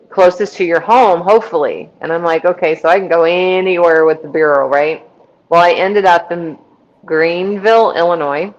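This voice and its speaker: A woman's voice: sits low, muffled recording. A middle-aged woman from Missouri, a podcast guest telling her testimony and acting out the people she quotes. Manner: lively retelling with quoted voices. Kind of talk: storytelling testimony.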